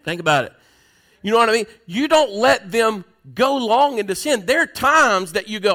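Man, preacher, folksy sermon, bright tone, fairly high voice. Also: animated, normal speed. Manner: folksy, conversational, asks the crowd questions.

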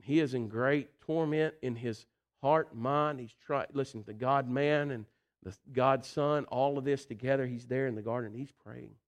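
In a medium-pitched voice at normal speed, a man preaches with folksy animation. He shifts between loud emphasis and quiet intensity, frequently saying "listen" and "you know."

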